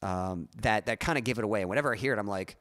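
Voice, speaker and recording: A man's voice: fairly low pitch, fast talker, fairly bright tone, no room sound, studio quality. A young man chatting casually on his music live stream, rambling and correcting himself with small chuckles.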